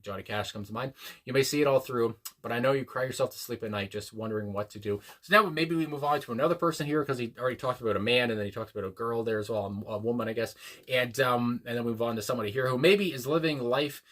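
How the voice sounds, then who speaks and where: A man hosting a music reaction video, talking casually and reflectively with many pauses and fillers, reading lyrics aloud slowly. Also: mid-range voice, a bit bright. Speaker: music reaction channel host. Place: home room, a dog nearby.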